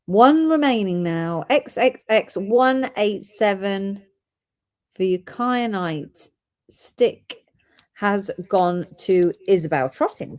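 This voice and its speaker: A woman's voice: mid-range voice, expressive, slow. A woman hosting a live gem sale, chatting and reading out orders and codes.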